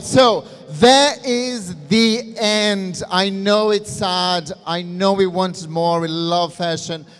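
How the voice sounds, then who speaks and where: A man hosting a live fashion show, speaking in a theatrical, playful, drawn-out way. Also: on the high side, a bit bright, smooth. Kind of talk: live event emcee speech. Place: event hall. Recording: long hall reverb.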